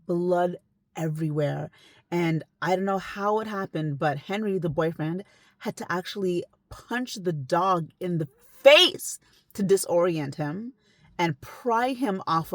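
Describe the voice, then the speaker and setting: Woman, young adult, casual storytime narrator, low voice, dry close sound, emphatic delivery. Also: no echo. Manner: conversational, emphatic, sometimes hushed. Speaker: esthetician telling a client's story.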